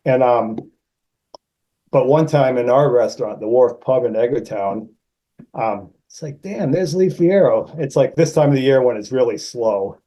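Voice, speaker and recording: Older guy from massachusetts, deep dark tone, chatty animated stories. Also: normal speed, muffled recording. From Massachusetts, USA. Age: 60s. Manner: animated anecdotes, raises pitch to act out quoted people. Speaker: guest, actor. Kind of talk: casual storytelling.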